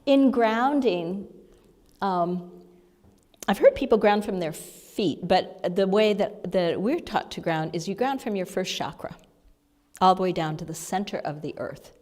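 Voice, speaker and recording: A woman giving a chatty, meandering spiritual talk to a congregation, now and then dropping to a hushed whisper, recorded in a spiritual center hall. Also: mid-range voice, a little slow. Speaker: spiritual speaker and sound healer. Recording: long hall reverb.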